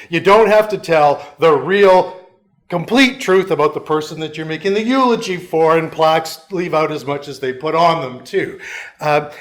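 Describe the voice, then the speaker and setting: A middle-aged man giving a conversational history lecture to a union audience, with wry, self-mocking asides. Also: on the high side. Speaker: history professor, guest lecturer.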